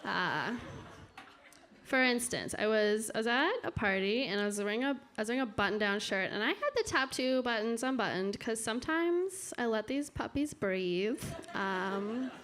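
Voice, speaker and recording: A woman performing a stand-up comedy set in a comedy club, with a deadpan, self-deprecating delivery. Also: a little high, moderate pace. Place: comedy club stage with live audience. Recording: noisy club room audio. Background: audience laughter.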